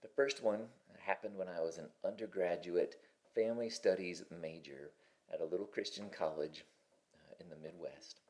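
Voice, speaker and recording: A man in his forties hosts his own channel from his kitchen table, talking to camera in a casual, candid way and often restarting his sentences. His voice is low-pitched and darkish in tone, and he speaks at a normal speed.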